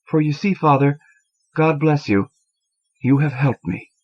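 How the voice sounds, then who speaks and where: An earnest young man at confession, apologetic and eager to please, as a male reader voices him. His voice is lifted higher than the reader's own. A dull, lo-fi tape sound hangs over it. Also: measured pace. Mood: grateful. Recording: dull lo-fi cassette audio.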